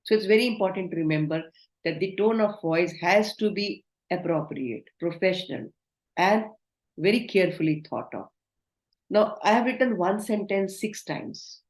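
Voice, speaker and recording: A woman's voice: medium pitch, lively intonation, moderate pace. Woman trainer lecturing in a roomy space. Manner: instructive, asks the class questions. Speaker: communication trainer. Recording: roomy echo.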